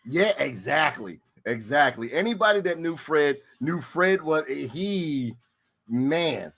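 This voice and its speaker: A middle-aged man telling stories in casual chat. He is animated, swears freely and repeats his lines for effect. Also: fairly high pitch, slow. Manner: animated, profane, repeats himself. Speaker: storyteller.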